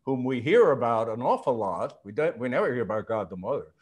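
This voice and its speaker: A man hosting a talk show, asking thoughtful questions in a halting way. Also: medium pitch, big pitch swings, a little mellow, slightly rough.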